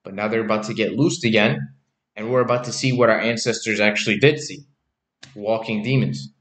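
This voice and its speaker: A man's voice: on the low side, brisk, a bit bright, echoey room. A man giving casual preaching commentary on his channel, chatty, often repeating himself and asking "right?" and "okay?". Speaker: religious YouTuber.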